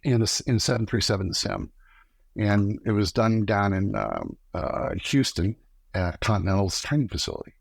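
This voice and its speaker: A middle-aged man, a guest on a podcast, telling lively stories and acting out the lines of people he quotes. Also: on the low side, normal speed, vocal fry, dry recording. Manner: animated storyteller acting out quoted dialogue. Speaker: podcast guest, former camera operator. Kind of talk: casual storytelling interview.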